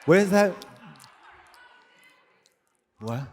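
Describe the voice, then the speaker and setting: A man riffing in live comedy-podcast banter, his voice sitting a bit high and trailing off into fillers and curses. He is recorded on stage with a long reverb tail from the hall and a faint hiss underneath. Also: lively intonation, very slow, a little mellow. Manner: rambling, lots of fillers and swearing. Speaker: co-host. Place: live stage show in a venue.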